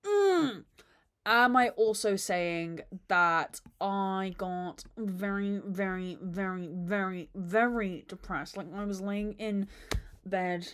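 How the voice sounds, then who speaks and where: A woman's voice: mid-range voice, takes it slowly, a bit bright, clear, resonant tone. A woman hosting her own podcast, chatting to a phone camera at home with unfiltered, dramatic swings and lots of swearing. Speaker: podcast host. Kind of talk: casual chat to camera.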